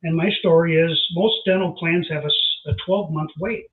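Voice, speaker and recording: A man's voice: on the high side, steady tone, a little fast. A man appearing as an insurance agent guest on a casual show, explaining things in a plainspoken way. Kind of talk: casual chat. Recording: phone-like call-in audio.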